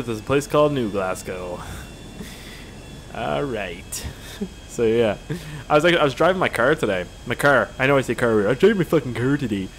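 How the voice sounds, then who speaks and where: A man's voice: mid-range voice, slight background noise. A young man talking casually over his gameplay. He is crude and joking and drifts off topic, in an ordinary mid-range voice. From Canada. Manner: rambling, crude, joking, easily sidetracked. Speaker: gaming channel host.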